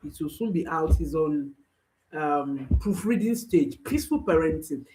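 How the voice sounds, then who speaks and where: A woman's voice: deep voice, lively intonation, a little slow, warm tone, rough recording. Emphatic woman coaching parents. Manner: emphatic, repeats key phrases for stress; reassuring, speaks directly to listeners. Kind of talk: instructional talk to parents.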